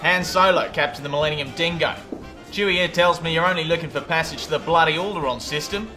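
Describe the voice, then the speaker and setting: A man's voice: fairly high pitch, fast talker, sharp tone. A man playing a brash smuggler captain with a broad Australian accent, cocky and full of slang. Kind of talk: comedy parody dub. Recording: music behind the voice.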